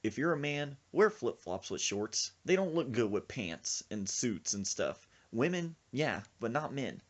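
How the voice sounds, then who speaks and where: A man hosting a podcast, telling a comic story in an animated way and acting out the voices in it. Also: mid-range voice, measured pace. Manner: animated, acts out the voices he tells about. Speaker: podcast host.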